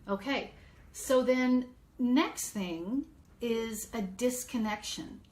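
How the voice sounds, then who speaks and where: Middle-aged woman, parent coach on a live stream, unhurried and earnest. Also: fairly high pitch, darkish tone. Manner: earnest, reassuring, thinks aloud with fillers.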